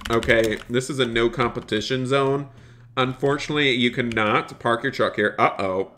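A bright, forceful male voice streaming a game live, talking straight to his chat in an excitable, chatty rush. He keeps repeating little phrases and switches to a raised, cheery call when serving customers. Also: medium pitch, moderate pace, slight background noise. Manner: repeats phrases, calls out in a raised shop-counter voice. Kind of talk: live gaming stream commentary.

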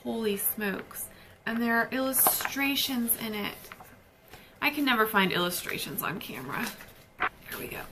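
A woman's voice: a little high, animated, moderate pace, noisy background. A young woman chatting casually and gushing about books she received. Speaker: book vlogger. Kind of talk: casual book haul chat.

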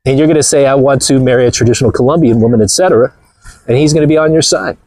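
A man's voice: mid-range voice, racing, darkish tone, no room sound. A man vlogging outdoors with a phone camera, blunt and mocking, rambling through stories as he walks. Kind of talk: casual walking vlog talk.

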